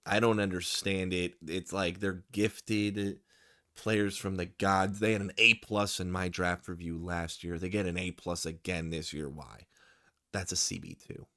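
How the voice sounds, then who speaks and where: A man's voice: low voice, a little slow, no echo, clean studio sound. A man giving casual, opinionated commentary on football draft picks, talking straight to his viewers, tired late at night. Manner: opinionated, excitable, talks to the viewer. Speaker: sports YouTuber.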